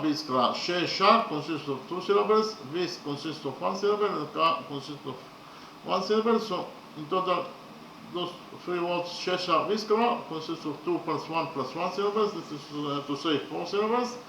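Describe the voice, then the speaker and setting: A man teaching in a slow, methodical lecture, often hesitating with fillers. His voice sits a little high and sounds bright. The room around him is echoey, with a faint hiss underneath. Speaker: literature teacher.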